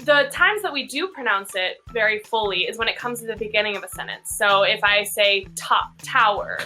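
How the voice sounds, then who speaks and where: A young American woman, an English teacher, patiently explaining pronunciation with clear examples. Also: medium pitch, lively intonation, moderate pace, pushed and bright, faint music behind. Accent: General American.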